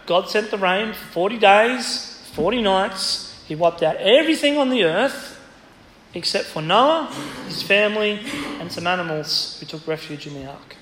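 A man preaches an expository sermon in a church, teaching through a Bible passage and quoting it with emphasis. His voice sits high and a bit bright, with a little hiss or hum, and the church hall sounds echoey with faint ambience.

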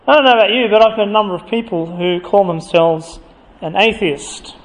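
A man preaching a sermon, emphatic and building to forceful accusation as he reads from scripture. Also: sits high, fairly even intonation, fairly quick. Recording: long hall reverb.

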